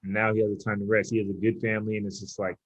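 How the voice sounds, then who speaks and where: A man's voice: fairly low pitch, level tone, racing, rough recording. A young man, a pro athlete guest on a podcast, telling a long casual story and acting out voices in quotes, with lots of "like". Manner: rambling storyteller, heavy use of "like", acts out voices in quotes. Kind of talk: casual chat.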